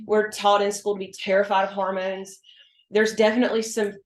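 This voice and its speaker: A woman's voice: mid-range voice, little pitch movement, fairly quick. A woman working as a hormone health practitioner, chatting emphatically in an interview and acting out her exchanges with patients. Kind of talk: casual interview explanation. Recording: roomy echo.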